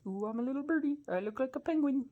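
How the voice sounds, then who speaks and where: A woman's voice: high-pitched, lively intonation, fast, narrow, tinny audio, voice pushed up. A woman voicing a playful little toy bird that teases in a sing-song way. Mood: teasing.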